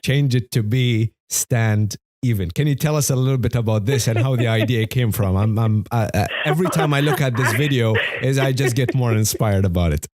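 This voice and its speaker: A man's voice: mid-range voice, fairly quick, hardly any pauses, darkish tone, dry recording, clean studio sound. A man hosting an interview show, asking questions with many restarts and fillers. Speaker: host. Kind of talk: interview podcast.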